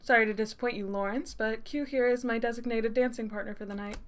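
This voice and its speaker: A woman's voice: a little high, steady tone, fast, close to an everyday voice. A woman voicing a game's player character, a composed young person with a dry, cutting manner. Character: cool-headed young player character, sharp-tongued. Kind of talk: reading game dialogue aloud.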